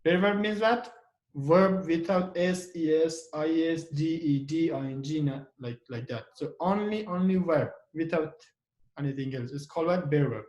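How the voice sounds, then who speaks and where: A man's voice: fairly high pitch, normal speed, a little mellow. Man teaching grammar in an echoey room. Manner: asks and answers his own questions, repeats example sentences with stress. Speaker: English teacher. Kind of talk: classroom grammar lesson.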